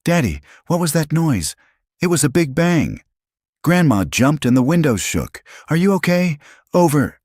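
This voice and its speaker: A man's voice: fairly high pitch, big pitch swings, unhurried, a little mellow, no echo, clean studio sound, pitched above the performer's own voice. A man voicing a small, scared but brave little girl on a walkie-talkie in a storybook narration, with a small, trembling voice. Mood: frightened.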